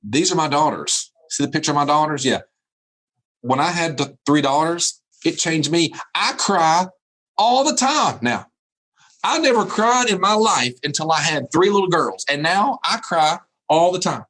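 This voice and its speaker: Over a remote video call, a husky-voiced man gives a motivational keynote, preaching emphatically and leaning on repeated phrases. His lively, somewhat bright pitch rises and falls widely as he hammers each point home, at a normal speed.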